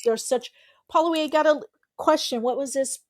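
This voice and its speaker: A woman hosting an interview, chatting casually with quick affirming interjections. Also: high-pitched, no echo. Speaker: host.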